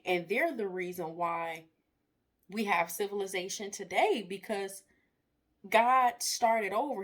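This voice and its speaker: A woman giving a casual online Bible study, reading scripture aloud and breaking off into lively, exclaiming comments. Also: medium pitch.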